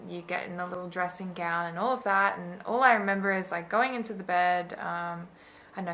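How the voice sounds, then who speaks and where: A young woman tells a personal story straight to camera. Her talk is casual and chatty, full of fillers and quoted asides, and her voice sounds bright and forward. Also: fairly low pitch. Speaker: vlogger.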